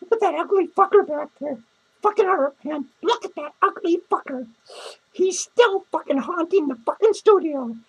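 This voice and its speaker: A man's voice: very high voice, moderate pace, muffled recording. A man playing a foul-mouthed, lonely, hungover female clown who rambles crudely, curses and cackles in a comedic character monologue. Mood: ranting. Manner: crude, rambling rants full of cursing and cackling laughs.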